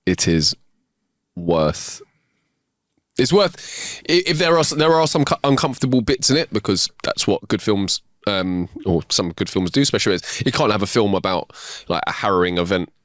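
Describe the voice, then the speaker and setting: Young man, low-pitched, enthusiastic casual chat, dry close sound. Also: moderate pace, no room sound. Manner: enthusiastic, animated, swears casually. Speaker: podcast co-host.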